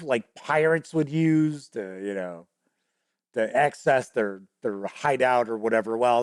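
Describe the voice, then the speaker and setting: With a fairly high pitch and clean, dry studio sound, a man hosting a show tells a story from his tabletop game. It comes out casual and rambling, with frequent restarts and acted-out player voices.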